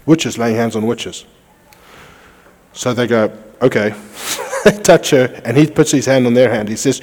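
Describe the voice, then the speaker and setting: Man preaching in an echoey hall. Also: medium pitch. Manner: storytelling, acting out dialogue in a hushed voice. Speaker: pastor. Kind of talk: sermon.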